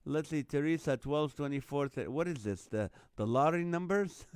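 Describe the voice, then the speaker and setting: This Middle Eastern host of a casual live online show reads viewer comments and guesses, chuckling at names and numbers and laughing often. His slightly high voice is clear, resonant, and a little mellow, at a moderate pace. The recording is dry and studio quality.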